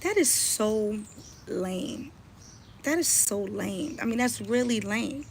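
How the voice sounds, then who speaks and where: A woman's voice: a little high, animated, takes it slowly, gravelly, a little hiss or hum. A woman blogger and mother ranting on a live stream, scolding and confronting someone she is talking about. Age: adult, mother.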